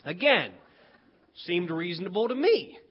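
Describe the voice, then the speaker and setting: A man from West Virginia telling a humorous story in a lively, animated way. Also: high-pitched, measured pace, husky. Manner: animated, lively delivery with playful character voices. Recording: dull lo-fi recording.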